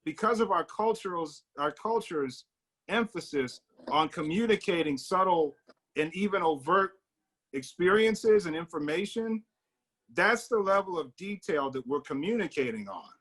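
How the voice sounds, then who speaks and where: A man's voice: sits high, animated, moderate pace, fairly bright tone, breathy edge. An American man in a casual group discussion, explaining his views earnestly and at length. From United States. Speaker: discussion participant.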